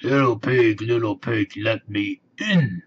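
A man's voice: fairly low pitch, takes it slowly, breathy edge. A man voicing a big bad wolf who roars greedy, blustering threats in a storybook reading. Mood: menacing. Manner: roaring threats. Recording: dull lo-fi recording.

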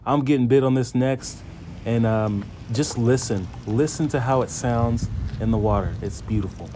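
A man, chatting excitedly to viewers in a casual fishing vlog, recorded outdoors by a pond. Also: medium pitch, normal speed, background noise. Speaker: fishing vlogger.

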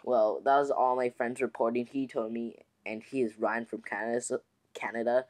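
A man's voice: mid-range voice, fairly even intonation, normal speed. Rambling young-sounding gaming YouTuber guy. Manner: rambling, many restarts and fillers. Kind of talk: casual let's-play commentary.

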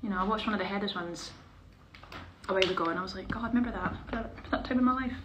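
A young woman chatting casually to her viewers on a live stream while doing her makeup, bubbly and chatty, sometimes dropping into quiet mutters. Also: medium pitch, fast talker. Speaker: performer hosting a live stream. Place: small indoor room. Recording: echoey room with faint hiss.

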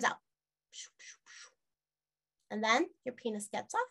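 This is a middle-aged woman teacher talking parents through a classroom lesson. She is frank and chatty and amused by her own jokes. Her voice has a bright, forward tone. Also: mid-range voice, animated, unhurried. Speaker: health teacher.

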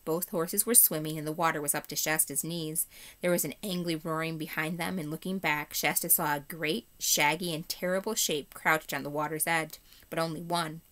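Teacher lady reading a chapter book out loud, lowish voice, expressive. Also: moderate pace. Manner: expressive storybook narration. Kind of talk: reading a children's novel aloud.

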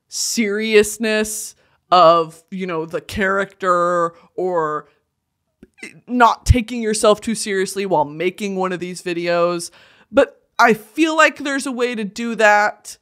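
An expressive woman in her twenties hosts a casual commentary show. Her pitch jumps around constantly, and she moves freely between mock rants, whispers and bursts of laughter. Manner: animated, swings into shouts, whispers and laughter. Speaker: host.

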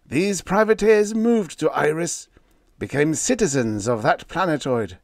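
A man's voice: a little high, animated, a little slow, no echo, studio quality. Man narrating a vintage sci-fi tale. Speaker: audiobook narrator.

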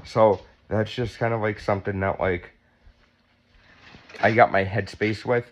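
A man's voice: lowish voice, steady tone, unhurried. A man in his fifties vlogging at home, sore and tight after surgery, chatty and blunt and swearing freely. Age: 50s. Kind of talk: casual vlog talk. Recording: dull lo-fi sound.

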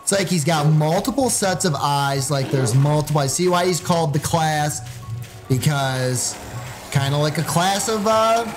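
A man hosting a gaming channel, giving loud, excited gameplay commentary and yelling into his desk mic with sudden high shrieks. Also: measured pace, poor audio. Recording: music playing behind.

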